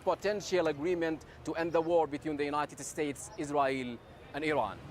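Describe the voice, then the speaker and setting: A man's voice: on the high side, steady tone, moderate pace. Male field reporter on a city street. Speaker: news correspondent. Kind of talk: scripted news report.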